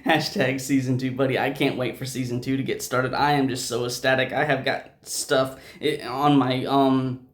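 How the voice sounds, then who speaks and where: A man's voice: medium pitch, flat delivery, moderate pace. Rambling, chatty man with a roomy echo. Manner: rambling, chatty, stumbles and restarts a lot. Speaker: gameplay video host. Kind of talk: unscripted gameplay commentary.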